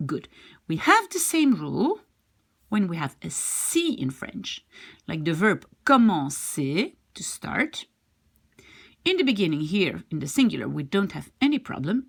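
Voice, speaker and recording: A woman's voice: fairly low pitch, creaky. A woman teaching a language lesson, explaining patiently, repeating examples step by step, with Dutch as her first language.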